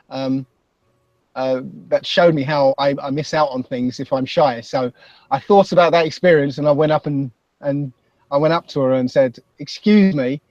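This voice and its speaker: Halting Basildon-accented man, lo-fi sound. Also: a little high, no echo. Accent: Basildon, Essex. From England. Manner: halting, self-deprecating storytelling. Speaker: podcast guest. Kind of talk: casual chat.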